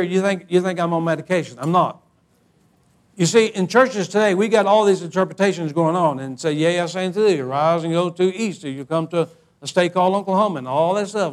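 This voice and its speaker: A man delivers a sermon in a notably high voice. He tells a humorous story in a folksy, animated way and often repeats words as he builds toward the point. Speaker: preacher.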